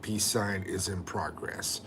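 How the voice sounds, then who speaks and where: A man's voice: deep voice, steady tone, takes it slowly, background noise. A middle-aged man, chatting casually on a livestream and reading viewer comments aloud with jokes. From USA. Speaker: livestream host.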